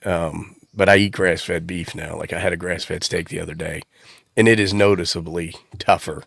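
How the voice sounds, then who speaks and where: A man's voice: sits low, steady tone, moderate pace, creaky, fairly bright tone, breathy edge, no room sound, clean studio sound. A man with a cold co-hosting a casual live-stream chat, rambling with frequent restarts. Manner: rambling, hesitant, many restarts. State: has a cold. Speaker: co-host.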